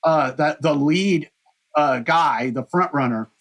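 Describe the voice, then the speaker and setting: Rambling podcast host, fairly high man. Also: takes it slowly, fairly bright tone. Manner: rambling, many fillers and restarts. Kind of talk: casual chat, historical overview.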